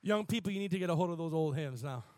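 A man preaching a sermon, repeating words and drawing out phrases, building from quiet emphasis to shouted fervor. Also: a little high, animated, quick pace.

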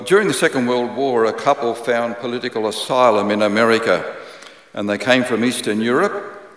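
A man preaching a sermon, praying and reading scripture in a measured, earnest way, repeating key phrases. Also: on the low side. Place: church hall. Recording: echoey church hall with long reverb.

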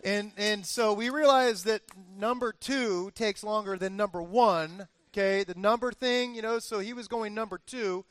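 A man in his forties preaching a sermon as pastor, telling a lively family story and acting out the cheers. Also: high-pitched, moderate pace, few pauses, dry recording. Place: church.

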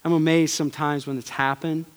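A man preaching a sermon with passion, swinging from loud urging to hushed pleading. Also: fairly high pitch, little pitch movement, brisk, smooth. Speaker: pastor. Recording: long hall reverb.

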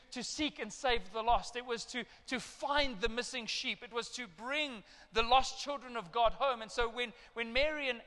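Middle-aged male pastor, bright tenor, lively sermon storytelling, long church reverb. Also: very high-pitched. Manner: animated storytelling with acted parental outbursts.

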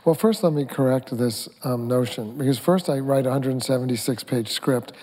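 A man in his fifties, a film director speaking as a panel guest, telling stories in a rambling, animated way with many restarts. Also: mid-range voice, moderate pace. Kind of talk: onstage conversation. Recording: hall reverb from a stage talk.

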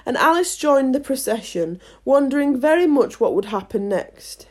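A woman reading a classic children's storybook aloud in a lively, expressive way. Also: high-pitched, normal speed. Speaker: audiobook reader.

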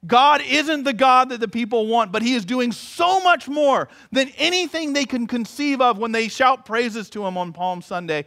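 A man preaching a sermon as pastor, telling a story in an earnest manner with long measured pauses. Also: extremely high pitch, bright, forceful tone.

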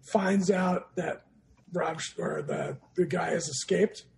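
High-voiced gravelly man chatting. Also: fairly even intonation, takes it slowly, darkish tone, slight background noise. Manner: laid-back, swears, laughs while telling stories. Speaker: podcast co-host. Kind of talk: casual chat.

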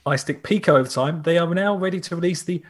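A man's voice: a little high, fast. An English man co-hosting a podcast in casual chat, rambling along with many restarts. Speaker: podcast co-host.

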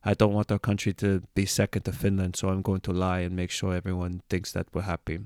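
A man's voice: low-pitched, completely flat delivery, a little fast, a little mellow, clear, resonant tone, dry recording. Man playing a nervous Dane, mock Danish accent, dry close sound, self-conscious rambling. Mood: anxious. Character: anxious Danish person fretting about seeming happy.

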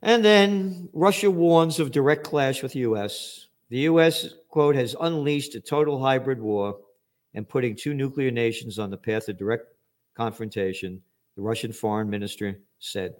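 A man delivering a political commentary rant, sarcastic and profane, rising to angry shouts. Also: medium pitch, normal speed.

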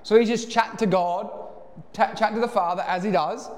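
A higher-voiced Australian man preaching a relaxed, storytelling sermon. His voice fills a roomy church hall, with a long reverb behind each phrase. He sounds easy and conversational rather than formal. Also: a little fast. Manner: casual and storytelling. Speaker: pastor. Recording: echoey church hall, live.

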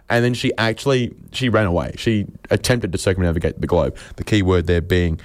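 An Australian man in his late twenties giving a rambling, mock-serious comic monologue, jumping his pitch up for emphasis. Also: steady tone, fairly quick, few pauses, slight background noise. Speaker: comedian.

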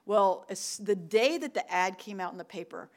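A woman's voice: medium pitch, expressive, moderate pace. A middle-aged woman, giving a sermon as a church ministry director, telling stories and repeating her key points for emphasis. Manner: warm storytelling with emphatic repetition.

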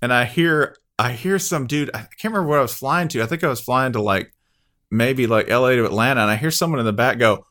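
A man hosting a podcast, telling an anecdote in a lively way and acting out what others said. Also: fairly high pitch, fast. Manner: lively anecdote teller, acts out quotes. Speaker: podcast host. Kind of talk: casual chat.

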